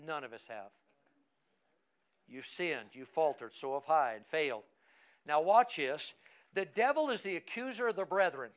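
A man's voice: a little high, lively intonation, moderate pace, pauses often. A man preaching a teaching sermon, who asks his class questions and calls on members by name. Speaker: pastor.

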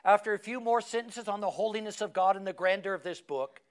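A man's voice: high voice, quick pace. A man preaching a sermon, reading a story aloud and building to emphatic, fervent climaxes.

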